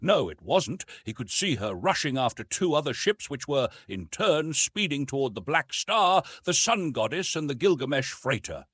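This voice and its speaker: A man reading a science-fiction audiobook aloud in an expressive, storytelling way. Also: a little high, normal speed, hardly any pauses, breathy edge, no echo, clean studio sound. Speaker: audiobook narrator. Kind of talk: scripted audiobook narration.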